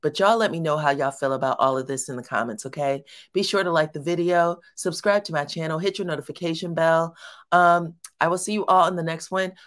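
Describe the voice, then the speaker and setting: A woman's voice: sits low, fairly quick. Chatty woman recapping a reality show. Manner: chatty, colloquial, addresses viewers as y'all. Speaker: reality TV commentator. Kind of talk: casual recap commentary.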